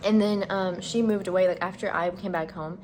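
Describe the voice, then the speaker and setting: A woman's voice: medium pitch, steady tone, a little fast, music in the background. A young woman vlogging indoors, rambling through a heartfelt story with lots of fillers. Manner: gushing, rambling with many fillers. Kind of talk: casual storytelling to camera. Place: indoors, packing up a room.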